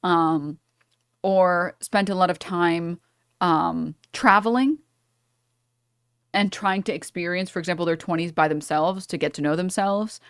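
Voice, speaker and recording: A woman streamer reacting to a clip, chatty and wry with firm opinions. Her voice sits a bit low for a woman, and the sound is dry and close. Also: a little slow, clear, resonant tone, no echo. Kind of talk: casual reaction commentary.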